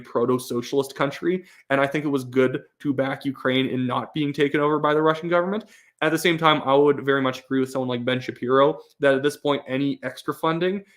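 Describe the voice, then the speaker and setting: Opinionated man on a live stream. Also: medium pitch. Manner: opinionated, reads chat questions aloud, frequent fillers and restarts. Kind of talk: casual live-stream commentary.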